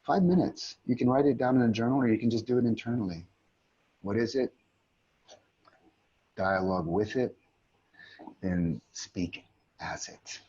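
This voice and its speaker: A middle-aged man, an aikido teacher, calmly guiding a community call through a reflective exercise, often restarting his sentences. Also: medium pitch, measured pace, pauses often, breathy edge, muffled recording. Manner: calm, reflective, many restarts. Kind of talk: guided teaching talk. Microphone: video call.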